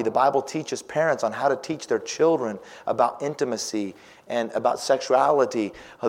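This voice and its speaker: A middle-aged man preaching a sermon, swinging from loud emphatic lines to hushed, near-whispered ones and quoting scripture in old-fashioned wording. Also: mid-range voice. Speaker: pastor. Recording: long hall reverb.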